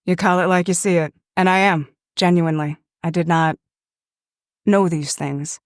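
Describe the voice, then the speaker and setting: A woman's voice: lowish voice, fairly even intonation, moderate pace, no echo, studio quality, close to an everyday voice. A woman voicing a nervous young woman adventurer who talks hesitantly and stammers. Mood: worried.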